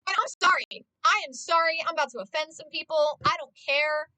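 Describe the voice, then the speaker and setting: A woman with a high, bright voice rants to her stream in casual chat. She swears freely and sounds exasperated. The recording is close and dry, with no room sound. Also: fairly quick, no echo, rough recording. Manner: swears constantly, ranting and exasperated.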